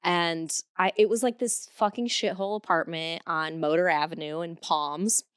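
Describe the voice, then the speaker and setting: A woman's voice: fairly low pitch, steady tone, normal speed, clean tone, dry recording, studio quality. A woman in her thirties from Cleveland, hosting a podcast and telling stories candidly with frequent swearing. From Cleveland, USA. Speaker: podcast host. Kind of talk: casual chat.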